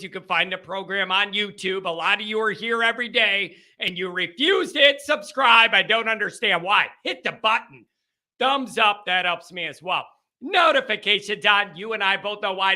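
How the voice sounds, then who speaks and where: High, gravelly, excitable male host. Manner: animated, joking, rambling. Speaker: podcast host. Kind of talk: casual call-in show monologue.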